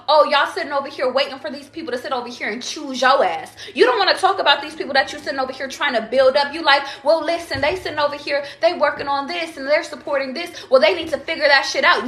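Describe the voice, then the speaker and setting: A woman's voice: high voice, pushed and bright. A young woman giving a blunt, profane, fired-up rant as a tarot vlogger, preaching straight to her viewers. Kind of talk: ranting vlog monologue. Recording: echoey room.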